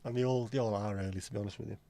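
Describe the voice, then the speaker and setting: A man's voice: on the low side, steady tone, very fast, mellow, a little hiss or hum. A man hosting a live stream, chatting casually and teasing his viewers as he reads and answers their comments. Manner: friendly, teasing banter with viewers. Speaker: livestream host.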